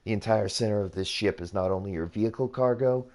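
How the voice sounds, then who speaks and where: Low, mellow-voiced man rambling through a tutorial. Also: quick pace. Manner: rambling, repetitive, self-correcting. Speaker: YouTuber hosting a gaming channel. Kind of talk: casual build tutorial commentary.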